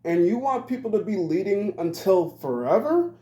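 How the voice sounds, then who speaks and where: A young man talks in a loose, rambling monologue, blunt and quick to swear. His voice sits a little high for a man. The room around him rings with a clear echo. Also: lively intonation, warm tone. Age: 20s. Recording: roomy echo.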